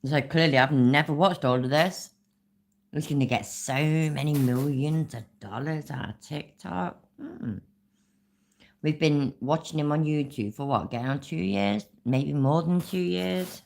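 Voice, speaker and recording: Low-voiced woman, laughing banter. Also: measured pace, gravelly, darkish tone. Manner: laughing, swearing, blunt banter. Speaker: reaction channel host. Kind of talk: casual reaction commentary.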